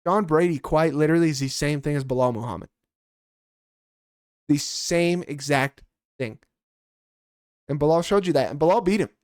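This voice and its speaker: A man's voice: fairly high pitch, moderate pace, long pauses, a little mellow, no room sound, clean studio sound. A man co-hosting a casual fight-picks podcast, giving blunt, heated, profane opinions. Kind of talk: casual sports chat.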